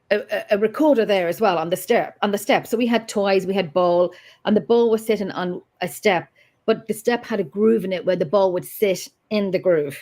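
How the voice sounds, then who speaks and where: A woman, a paranormal investigator telling a story as a guest in casual conversation, animated and quick to rise in pitch when upset.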